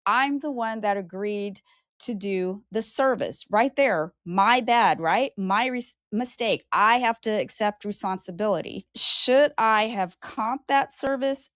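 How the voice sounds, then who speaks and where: A woman in her fifties, a longtime hairdresser and salon owner, candidly telling a personal story from work and lively acting out the people she quotes. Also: measured pace, dry recording, studio quality. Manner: expressive, acts out quoted people with high animated voices.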